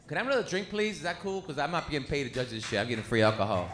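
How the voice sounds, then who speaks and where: A man doing a crude, animated stand-up comedy set on a club stage, slipping into put-on voices as he tells stories. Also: fairly high pitch, racing. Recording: echoey club with noisy crowd. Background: audience laughter.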